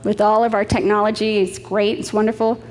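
A woman's voice: mid-range voice, flat delivery, brisk, a little mellow. Woman preaching in a reverberant hall. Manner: storytelling, chatty with light laughs. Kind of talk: sermon.

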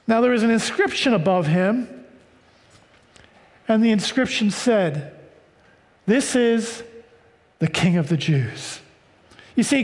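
An American man preaching a sermon, reading scripture and explaining it with slow, deliberate emphasis. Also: very high voice, long reverb tail. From United States. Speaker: pastor.

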